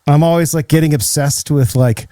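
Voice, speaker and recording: A man's voice: on the high side, normal speed, warm tone, no room sound, studio quality. An American man hosting a podcast, talking casually and chattily with lots of filler words. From United States. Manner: chatty, lots of "like" and "you know". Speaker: podcast host. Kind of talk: casual interview chat.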